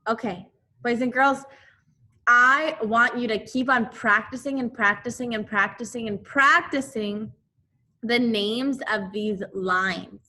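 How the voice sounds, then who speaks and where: A woman teaching a second grade class remotely, slowly repeating drills for the children. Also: medium pitch, bright, forceful tone.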